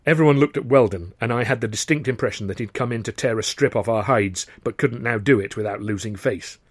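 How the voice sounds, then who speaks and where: A man narrating his own novel in a wry, measured way. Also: mid-range voice, slightly rough, no room sound. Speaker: author and narrator. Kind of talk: scripted audiobook narration.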